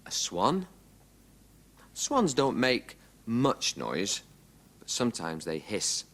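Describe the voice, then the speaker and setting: A man presenting a children's show, gently naming mother animals and their babies for young children. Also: lowish voice, huge pitch swings. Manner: slow, gentle, clear explaining.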